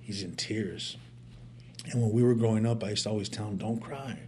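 A man's voice: on the low side, fairly even intonation, brisk, mellow, a little hiss or hum. A man sharing his life story in an earnest, heartfelt way, using casual street slang and sometimes stammering as he restarts a thought. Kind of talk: personal storytelling.

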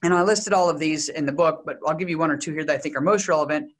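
A young adult man from Texas, speaking as a guest in an interview. He talks quickly, with a voice pitched a little on the high side. He lays out research and personal stories in a brisk, lecturing way. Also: fairly bright tone. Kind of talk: interview answer.

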